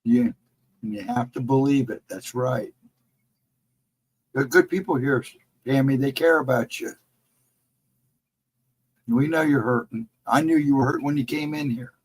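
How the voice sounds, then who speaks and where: Husky man giving earnest encouragement. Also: mid-range voice, a little slow, pauses often, poor audio. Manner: earnest, encouraging, repeats advice. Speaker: livestream co-host. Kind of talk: casual supportive chat.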